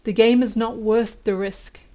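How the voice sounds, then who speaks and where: Stern old guru lecturing his student, read by a woman, slightly high voice, dull lo-fi sound. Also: steady tone, a little slow, a little mellow, lightly acted. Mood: instructive. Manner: instructive, lecturing. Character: elderly male Indian guru, stern teacher.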